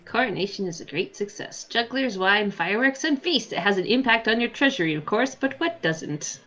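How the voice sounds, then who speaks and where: A woman's voice: mid-range voice, expressive, moderate pace, bright, forceful tone, muffled recording. Giggly woman streamer reading game text. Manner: playful, giggly.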